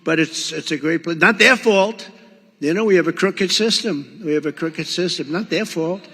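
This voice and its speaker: A man's voice: on the high side, normal speed, sharp tone, husky, long reverb tail. An older man giving a rambling, boastful rally speech, acting out quoted exchanges. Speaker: political speaker at a rally. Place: large rally venue.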